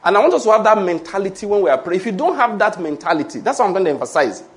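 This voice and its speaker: Speaking with a Nigerian English accent, this male pastor delivers a rapid-fire sermon in a voice that sits high. His animated preaching relies on rhetorical questions and call-and-response, with repeated calls for amen.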